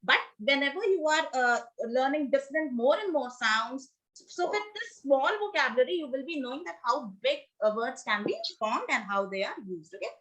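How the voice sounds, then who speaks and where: A woman teaching a pronunciation class, her voice high and clear. She drills words for the students to repeat and swings her pitch up and down as she coaxes and checks in. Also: animated, normal speed, fairly bright tone. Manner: coaxing, drills repetition, frequent "okay?" checks.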